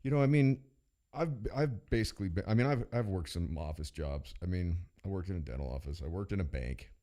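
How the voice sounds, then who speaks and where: A man's voice: sits low, expressive, fairly quick, dark tone. A man hosting a podcast in casual chat, rambling and profane, telling stories with quoted voices. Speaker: podcast host.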